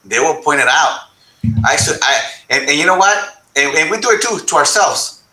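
A man with a strikingly bright voice speaks on a panel in an echoey room. He talks in an animated way, mixes English with Spanish, and keeps tossing in "right?". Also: on the high side, normal speed. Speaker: panel guest. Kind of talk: panel discussion.

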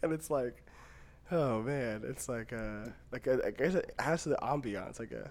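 A man's voice: mid-range voice, expressive, normal speed, darkish tone. A young man co-hosting a podcast, chatting loosely with lots of fillers and frequent laughter. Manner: rambling, laughs often, many fillers. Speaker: podcast co-host. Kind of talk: casual chat.

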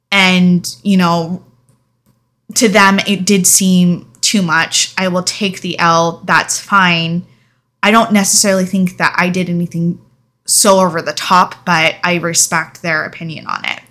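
A woman's voice: lowish voice, unhurried, pushed and bright. A young adult woman telling a personal story in a candid, emotional vlog, speaking frankly and sometimes swearing. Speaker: vlogger.

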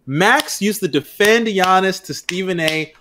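A man's voice: high voice, unhurried, sharp tone, slight background noise. A man co-hosting casual sports banter, blunt and opinionated, and steering the talk to new topics. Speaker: podcast co-host.

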